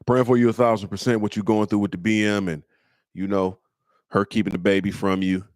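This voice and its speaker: A middle-aged man from Michigan hosting a comedy call-in show. He tells stories in casual slang, acts out the people he quotes in a higher voice, and turns blunt and preachy. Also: level tone, a little fast, darkish tone, no room sound, clean studio sound. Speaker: comedian host answering listener questions. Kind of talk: casual storytelling chat.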